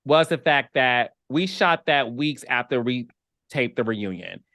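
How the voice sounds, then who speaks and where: A man from the American Midwest hosting an interview podcast, emphatic and animated, repeating words as he presses his points in casual chat. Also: mid-range voice, measured pace, no echo, studio quality. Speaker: podcast host.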